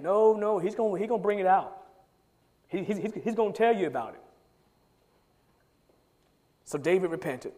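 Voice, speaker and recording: A man with a high voice preaches a sermon, swinging from loud, urgent emphasis to low, quiet asides. He repeats words in rapid bursts as he builds a point. His voice rings through a large hall with a long reverb tail. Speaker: pastor.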